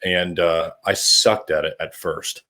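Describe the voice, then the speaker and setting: Deep-voiced man telling a rambling story. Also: takes it slowly. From Orlando area. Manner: rambling, animated, acts out quotes. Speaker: podcast host. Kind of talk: casual storytelling.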